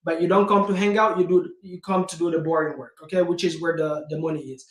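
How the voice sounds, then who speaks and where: Speaking quickly in a high voice, this motivational vlogger and real estate investor is punchy, energetic and direct, repeatedly addressing viewers as "guys." The casual talk is recorded in an indoor room with a self-made backdrop, where the audio echoes noticeably.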